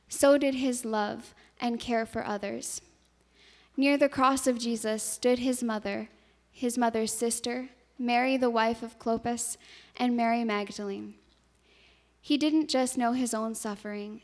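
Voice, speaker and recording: A woman slowly reading scripture in a measured way, her voice softening on the quoted words. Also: a little high, steady tone. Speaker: scripture reader. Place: church. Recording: long hall reverb.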